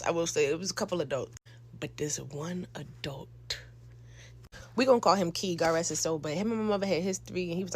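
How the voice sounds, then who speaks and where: A young woman, telling a slangy, animated storytime into a close phone mic. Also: lowish voice. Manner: animated, slangy, acts out quotes with loud shouts. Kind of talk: storytime monologue.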